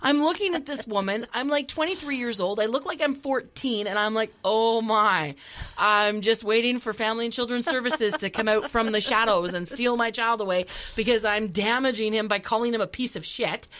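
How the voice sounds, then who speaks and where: Woman in her forties, podcast co-host, bright voice, slightly high, comic storyteller who acts out voices. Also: a little fast, hardly any pauses. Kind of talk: casual storytelling chat.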